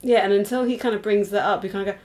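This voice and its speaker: Woman, podcast co-host, casual chat, mid pitch, laid-back, giggly. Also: very fast. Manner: relaxed, laughs easily, trails off.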